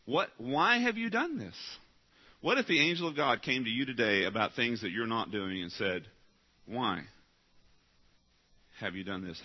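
A male pastor delivering a sermon from the pulpit. He climbs to loud, high, pleading peaks and then drops to low, hushed asides. The recording sounds dull and lo-fi. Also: slightly rough. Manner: emphatic preaching, swings from loud rising pleas to low quiet asides.

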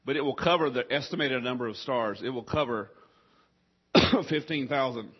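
A man preaching to a congregation in a husky, mid-pitched voice. He keeps talking through a nagging cough that chokes him up. The recording sounds muffled and lo-fi. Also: moderate pace. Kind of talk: sermon.

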